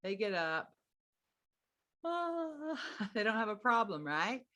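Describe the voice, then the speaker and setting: A middle-aged woman giving parenting advice in casual conversation, animated and acting out what parents and kids say. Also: mid-range voice, moderate pace. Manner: animated, acts out parent and child lines in a sing-song voice. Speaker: parenting expert guest.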